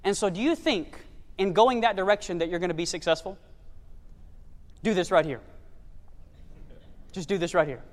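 A man's voice: high-pitched, normal speed, pauses often. A man preaching a sermon, emphatic and full of rhetorical questions to the congregation. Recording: long reverb of a large hall.

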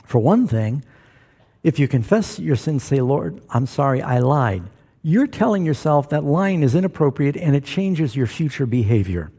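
A man's voice: fairly high pitch, big pitch swings, normal speed, dark tone, slightly rough. A man preaching a sermon to a live congregation in a church, folksy and joking, asking the crowd for responses. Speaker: pastor.

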